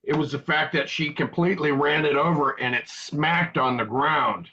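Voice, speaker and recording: A man's voice: fairly high pitch, normal speed, sharp tone, husky, dull audio. A man hosting a live web show in casual chat, rambling and joking with crude humor. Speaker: show host.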